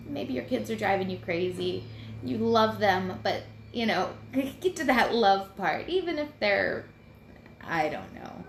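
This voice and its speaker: A woman in her thirties talking casually on a live home video, chatty and rambling as she shares tips. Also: mid-range voice. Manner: chatty and rambling, self-deprecating. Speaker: host sharing mindfulness tips. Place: room at home. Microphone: computer mic. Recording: roomy echo, faint room noise.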